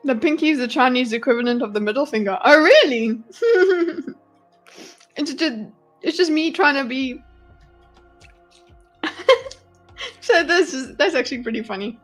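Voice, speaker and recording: South African woman, fairly high voice, casual home streamer with faint music behind. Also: normal speed, long pauses. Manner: chatty, animated, swears and laughs often. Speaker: streamer reading chat. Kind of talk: casual live-stream commentary. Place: her home.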